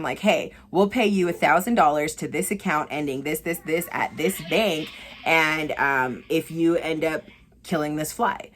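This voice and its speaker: A young woman vlogger with a low voice recommends movies in a loose, casual way. She gets excited, swears freely and keeps saying "like".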